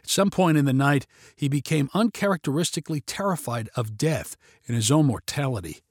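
An animated man reading a story aloud, his pitch lifting and dipping with each scene. His voice is a touch high for a man and recorded dry and close, with no room sound. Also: a little fast, no room sound. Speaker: narrator. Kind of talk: storybook narration.

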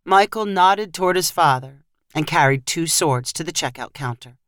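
A woman giving an expressive scripted narration of a short family story. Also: deep voice, normal speed, no echo, clean studio sound.

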